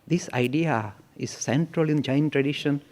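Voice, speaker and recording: A man's voice: fairly high pitch, moderate pace, darkish tone. A man giving an emphatic public lecture, often slipping into playful acted-out voices as he makes his points. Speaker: lecturer on religion.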